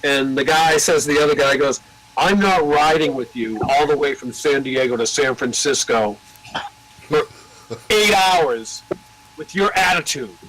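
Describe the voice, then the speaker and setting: A man's voice: on the high side, a little slow, background noise. An older American man who owns a record label, telling long rambling anecdotes with swearing and acting out the voices of the people he quotes. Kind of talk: casual storytelling.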